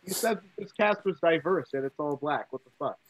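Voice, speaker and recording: A man's voice: a little high, a little fast, crowd noise, poor audio. A man co-hosting a podcast in casual banter, joking, swearing and laughing often. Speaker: podcast co-host.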